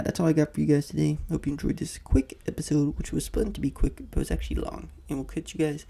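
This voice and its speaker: A man's voice: on the high side, fast, creaky, hardly any pauses, dark tone, breathy edge. A young man hosting a podcast, talking in a slangy, rambling way full of fillers as he comments on the week's news. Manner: slangy rambling rant, heavy on "like" and "freaking". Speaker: podcast host.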